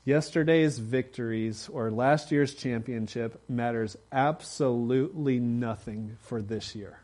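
A man preaching a sermon in a relaxed, conversational way, often pausing on fillers. His pitch sits in the middle range. At high points he presses harder and gets louder. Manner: conversational, rising to emphatic exhortation.

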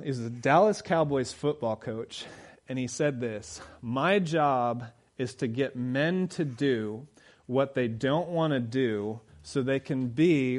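A middle-aged man preaches a sermon, swinging between loud, urgent emphasis and low, quiet storytelling.

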